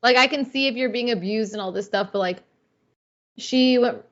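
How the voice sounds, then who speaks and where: A young woman co-hosting a casual podcast, talking in an animated, slangy way with lots of "like" and "dude.". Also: fairly high pitch, moderate pace. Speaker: podcast co-host. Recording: slightly dull lo-fi audio.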